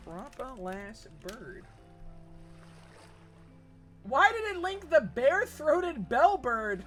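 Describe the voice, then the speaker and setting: Male streamer, from Texas, casual and profane, reads chat aloud, bright voice with a wide swing. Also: extremely high pitch, very animated, slow pace, pauses often, faint music behind. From Texas, USA. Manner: rambling, profane, reads chat messages aloud and jokes back. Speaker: gaming streamer. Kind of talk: casual livestream chat while gaming.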